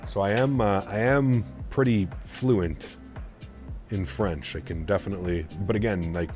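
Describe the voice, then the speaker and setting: A man's voice: low-pitched, normal speed, music in the background. A man chatting casually on a live stream, rambling and reading viewer messages aloud. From Canada. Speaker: flight sim streamer.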